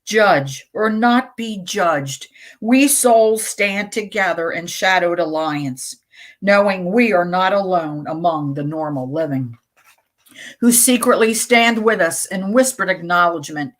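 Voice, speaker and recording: A middle-aged woman hosting a community radio show, reading poems aloud slowly and deliberately, with casual chatty asides between them. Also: fairly low pitch.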